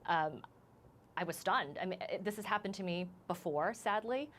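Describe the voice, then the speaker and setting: A woman from the United States, a news correspondent, speaking as a guest in a live news interview, shaken and halting, with many restarts. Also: on the low side, slight background noise. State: shaken, voice unsteady.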